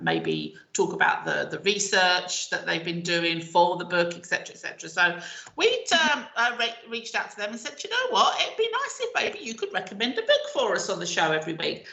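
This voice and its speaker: A woman co-hosting a local radio show, chatting casually and reading a book synopsis slowly and dramatically. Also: lowish voice, creaky, sharp tone, roomy sound, poor audio. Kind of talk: casual chat.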